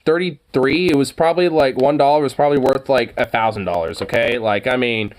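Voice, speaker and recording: A man's voice: medium pitch, fairly quick. A man casually commenting on an old newspaper, rambling with lots of fillers, laughing and swearing.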